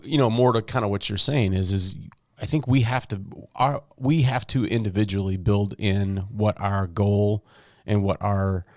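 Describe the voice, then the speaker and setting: A man hosting a podcast, telling anecdotes in a relaxed, conversational way. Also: on the low side, no echo, studio quality. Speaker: podcast host. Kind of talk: casual conversation.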